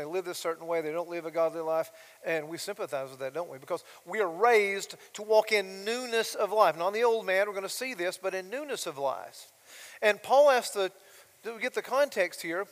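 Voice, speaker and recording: A man with a high voice preaches from the pulpit of a church, pressing each point hard and tossing rhetorical questions out to the congregation. His voice rings out with a long hall reverb around it. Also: fairly bright tone. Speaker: pastor. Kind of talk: sermon. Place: church sanctuary.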